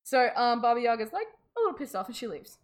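A woman's voice: on the high side, sing-song, fast. A woman co-hosting a podcast, retelling a folk tale in casual chat with playful, sarcastic asides. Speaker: podcast co-host.

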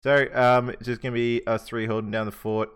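A man's voice: mid-range voice, little pitch movement, a little fast, fairly bright tone, clear, resonant tone. A man hosting a casual podcast chat among friends, laid-back, swearing and laughing often. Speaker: podcast host.

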